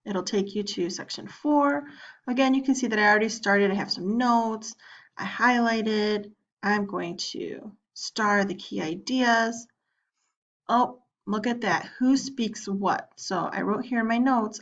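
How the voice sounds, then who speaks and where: In a screen-recorded lesson walkthrough, a woman teacher talks casually as she clicks through online material, asking her students' questions aloud and answering them. Her voice is mid-range and a little slow, and the recording sounds muffled.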